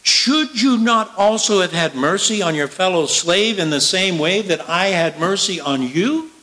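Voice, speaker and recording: A man voicing a stern master rebuking his servant, slow and emphatic, during a scripture reading. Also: high voice, animated, pushed and bright, pitched above the performer's own voice, full character voice, rough recording. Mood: indignant.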